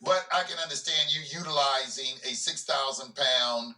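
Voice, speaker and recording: A man reads a legal memorandum aloud and stops now and then to explain it in plain talk, restarting and repeating his words. His voice is very bright and edged. It echoes through the room from a distance. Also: medium pitch, normal speed. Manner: breaks off reading for plainspoken asides, repeats words when he restarts. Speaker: host of a legal commentary channel. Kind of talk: reading a legal document aloud with casual commentary. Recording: roomy echo, voice from away from the mic.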